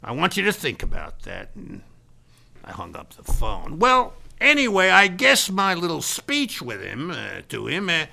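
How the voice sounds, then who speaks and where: A man's voice: fairly high pitch, wildly swooping pitch, measured pace, vocal fry, sharp tone, exaggerated voice. A man playing a boastful American businessman who calls himself a Scottish laird, talking in brash, self-important salesman bluster. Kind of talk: improvised comedy character monologue.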